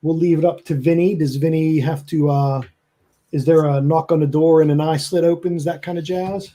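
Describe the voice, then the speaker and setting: A man's voice: fairly high pitch, fairly even intonation, normal speed, mellow. A man narrating as game master in a loose, chatty way, laughing often.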